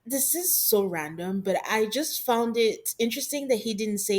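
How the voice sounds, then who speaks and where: A woman's voice: a little high, moderate pace. Chatty woman recapping reality TV. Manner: chatty, laughs often, animated asides. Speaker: podcast co-host.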